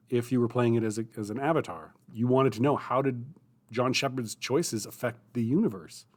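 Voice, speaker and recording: A man hosting a writing livestream, chatty and self-mocking, thinking aloud as he goes. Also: medium pitch. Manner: chatty, self-mocking, thinks aloud; mutters his draft slowly and softly. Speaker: streamer hosting writing sprints. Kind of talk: casual livestream chat, then muttering while writing.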